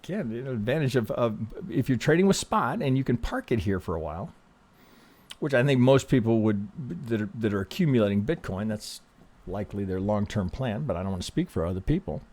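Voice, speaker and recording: A man hosting casual chart analysis, speaking in a calm, reassuring way, often restarting sentences and checking in with "right?". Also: on the low side, a little fast. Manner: conversational, frequent restarts, ends thoughts with "right?". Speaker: trading analyst host.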